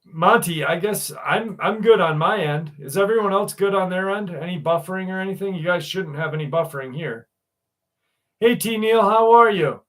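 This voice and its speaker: A man's voice: high voice, moderate pace, a bit bright. A man chatting casually on a livestream panel, rambling through a story with fillers and swearing. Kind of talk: casual chat.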